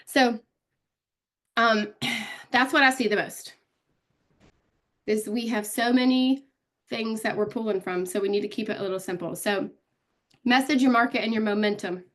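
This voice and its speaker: A woman's voice: on the high side, steady tone, moderate pace, pauses often, fairly bright tone. A woman giving a casual live online training on social media, talking directly to viewers and calling them out by name. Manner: chatty, calls out viewers by name.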